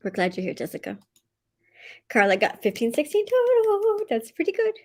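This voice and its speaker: A woman hosts a relaxed live writing session from home, greeting people and reading their comments aloud. Her voice sits a little high and swings widely. When she gets excited it shoots up, and she laughs often between lines. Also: normal speed. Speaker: livestream host of writing sprints. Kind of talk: casual livestream chat, reading out viewer comments.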